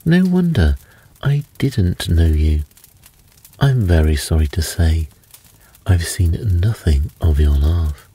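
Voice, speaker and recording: A man's voice: low voice, expressive, slow pace, dark tone, husky, exaggerated voice. A man voicing a small, friendly male lantern spirit who talks in a chatty, kindly way. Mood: sorry.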